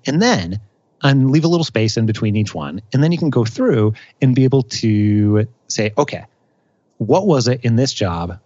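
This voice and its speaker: A man's voice: on the low side, a little mellow, no room sound, lo-fi sound. A man talking as a career coach in a casual podcast conversation, explaining ideas energetically.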